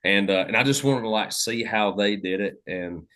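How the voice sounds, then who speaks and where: Southern man, deep low voice, easygoing rambling podcaster telling hunting stories. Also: normal speed, fairly bright tone. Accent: Southern American. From Southern United States. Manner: rambling, many fillers and restarts. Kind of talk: casual storytelling conversation.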